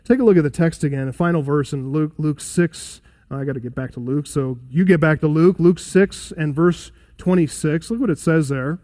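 A man with a fairly high voice preaches an expository sermon. He is emphatic, then sinks into hushed, solemn asides. The sound is dry and close to the mic. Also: moderate pace, few pauses, dry recording. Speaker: pastor.

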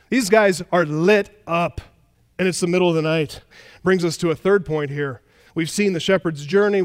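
A man's voice: high-pitched, long reverb tail. A man preaching an expository sermon as a pastor, emphatic, with repeated phrases and rhetorical questions.

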